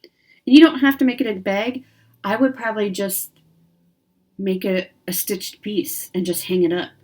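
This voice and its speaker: A woman's voice: mid-range voice, fairly even intonation, normal speed, darkish tone. A woman hosting a craft video, chatting casually and rambling enthusiastically through a magazine. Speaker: craft channel host.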